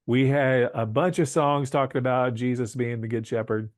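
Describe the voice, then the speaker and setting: A man's voice: medium pitch, steady tone, normal speed, dry recording, clean studio sound. A man hosting a church podcast in a casual, chatty way, rambling a little with fillers and asides. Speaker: church podcast host and musician.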